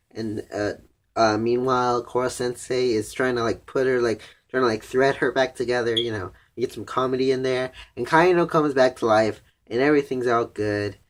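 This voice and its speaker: A young man in casual recap mode, walking through an anime episode in a loose, rambling way. His speech is peppered with "like" and easy profanity, and his voice sits at an ordinary middle pitch. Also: fairly even intonation, moderate pace. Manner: rambling, profane, heavy use of "like". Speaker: anime reviewer.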